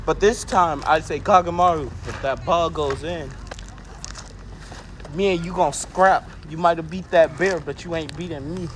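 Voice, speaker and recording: A high-pitched man tells an improvised what-if story in a loose, joking way, tossing in playful insults and curses. Steady hiss sits under his voice throughout the recording. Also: moderate pace. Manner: casual, swearing, playful trash talk. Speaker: co-host.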